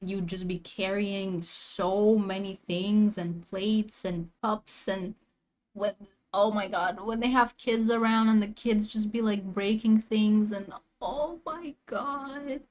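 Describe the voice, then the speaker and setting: A young woman streamer in a casual reaction rant, full of slang and filler words, swinging from low mutters to near-shouting. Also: flat delivery, takes it slowly.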